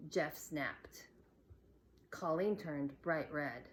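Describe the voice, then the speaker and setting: A woman teacher reading a children's novel aloud in a slow, deliberate storytelling manner. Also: deep voice, big pitch swings. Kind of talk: read-aloud narration.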